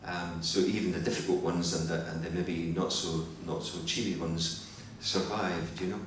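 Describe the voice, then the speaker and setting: A Scottish man, a fiddler, giving reflective, measured answers as a guest in a live interview in a hotel hall. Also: low voice, flat delivery. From Scotland. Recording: very echoey hall from far off, faint hum.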